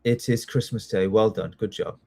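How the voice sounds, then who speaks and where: A man teaching a live online test-prep class, chatty and excitable, often apologizing as he goes. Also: lowish voice, normal speed, vocal fry, breathy edge. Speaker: citizenship test tutor.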